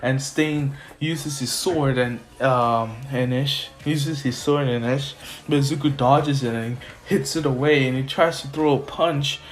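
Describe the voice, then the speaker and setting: A man's voice: mid-range voice, steady tone, measured pace. Man rambling through a fan story. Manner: rambling, with many fillers and restarts. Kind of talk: casual spoken fan story.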